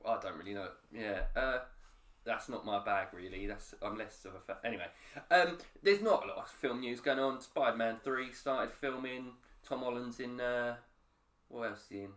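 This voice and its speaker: A man's voice: mid-range voice, moderate pace, a bit bright. A man co-hosting a casual film podcast, rambling and interrupting himself, swearing casually. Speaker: podcast co-host. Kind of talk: casual chat. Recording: roomy echo.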